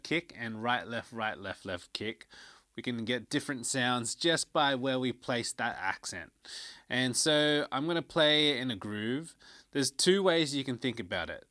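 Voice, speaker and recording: A man's voice: mid-range voice, a bit bright, no echo. A man teaching a drum lesson, counting out stickings aloud as he explains. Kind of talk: instructional demonstration. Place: drum studio.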